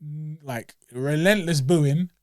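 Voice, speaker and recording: A man from England hosting a podcast in casual chat, mocking and swinging between loud and soft. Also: fairly high pitch, slow pace, no room sound, clean studio sound. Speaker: podcast host.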